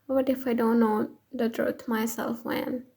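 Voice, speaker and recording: A woman reading the lines of an intense, possessive young boyfriend in a fan fiction story, with a husky, gravelly voice and no real change from her own. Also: a little high, level tone, measured pace, dark tone. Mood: pleading.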